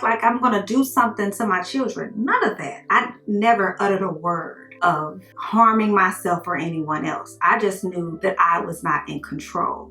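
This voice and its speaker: A woman recounts a personal story straight to camera in a bright, forceful voice that sits a little low. She speaks earnestly and with animation, acting out what people said. The sound is echoey, with faint music behind her. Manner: earnest, animated retelling with quoted dialogue. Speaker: vlogger telling a personal story. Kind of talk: casual storytime monologue.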